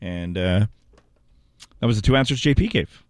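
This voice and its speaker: Laid-back, low-voiced male radio co-host. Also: lively intonation, normal speed, clear, resonant tone, no echo. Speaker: radio sports talk co-host. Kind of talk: radio talk show banter.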